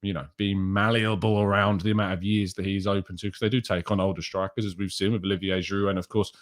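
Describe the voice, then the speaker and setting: A man's voice: low voice, level tone, fast talker. Chatty man hosting a stream. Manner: chatty, reads out viewer names and comments. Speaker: host. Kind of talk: casual live-stream chat.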